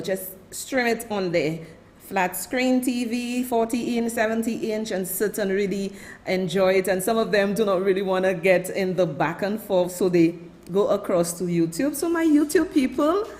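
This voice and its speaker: Slow-talking high-voiced woman host. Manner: affectionate, calls viewers darling and baby; lively, drawn-out greetings. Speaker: host of a live online show. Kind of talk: live-stream chat greeting viewers.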